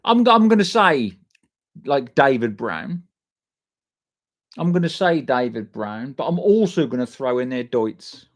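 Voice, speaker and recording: Hosting a live stream, this man has a medium-pitched, darkish voice and sounds animated but unhurried. He keeps things loose and sweary, reading viewer comments aloud and replying to people by name like an old mate.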